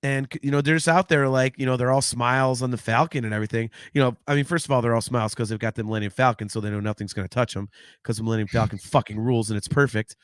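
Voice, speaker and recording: A man hosting a casual podcast chat, animated and rambling, swearing freely into a close microphone. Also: mid-range voice, racing, clean tone, no room sound. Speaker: podcast host.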